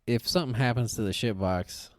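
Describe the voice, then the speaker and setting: Clean studio sound with no room echo frames this man's medium-pitched, fairly quick voice. Co-hosting a podcast, he rambles through a long, animated story laced with swearing in a casual storytelling chat.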